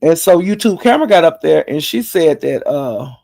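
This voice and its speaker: A middle-aged woman telling gossip in a chatty, salty way, calling listeners honey and girl and jumping her pitch up high when she quotes people. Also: moderate pace, gravelly, no echo. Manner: animated, jumps her pitch up high when quoting others. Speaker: online commentator. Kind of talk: casual gossip storytelling.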